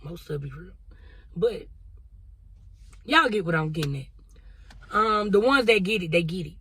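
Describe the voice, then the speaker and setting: A woman's voice: lowish voice, expressive, measured pace, fairly bright tone, slightly rough. A woman vlogger sharing a spiritual testimony in a casual, emotional, conversational way, talking straight to her viewers. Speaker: vlogger sharing a prophetic word.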